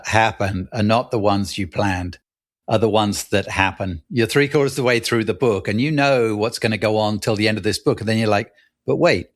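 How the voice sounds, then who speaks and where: A man with a British accent softened by years in the US, co-hosting a casual podcast. He talks in an easygoing way and laughs between his phrases. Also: fairly low pitch. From United Kingdom. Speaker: podcast co-host.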